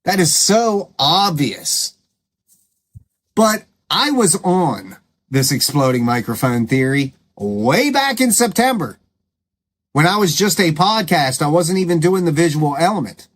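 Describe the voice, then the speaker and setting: Lively, sarcastic male commentary host. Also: on the high side, measured pace. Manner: sarcastic, scolding. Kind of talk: combative political commentary.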